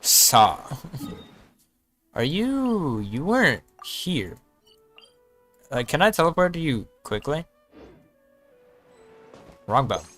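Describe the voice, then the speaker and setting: Guy streaming a game, joking around and muttering to himself, mid-pitched voice, faint music behind. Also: big pitch swings, slow, long pauses, fairly bright tone. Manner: joking, talking to himself while playing. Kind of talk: casual gameplay commentary.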